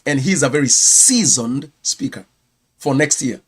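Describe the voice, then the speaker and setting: A man's voice: mid-range voice, expressive, unhurried, breathy edge. A Kenyan man, a pastor, giving a chatty live-streamed news round-up and correcting himself as he goes. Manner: chatty, self-correcting, reads viewer comments.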